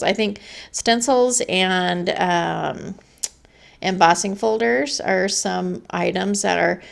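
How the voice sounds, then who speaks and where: A woman's voice: lowish voice, creaky, fairly bright tone. A woman hosting a card-making tutorial in a casual voice-over, chatty with fillers, her voice a little worn. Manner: chatty, with fillers and small laughs. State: losing her voice.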